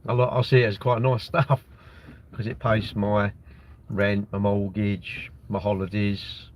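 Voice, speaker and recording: Speaking a little slowly and flatly, this low-leaning male voice belongs to a British livestream host in his sixties. He sits in a parked car with his phone propped at the windscreen, chatting and wandering through replies to viewers, with a bit of background noise.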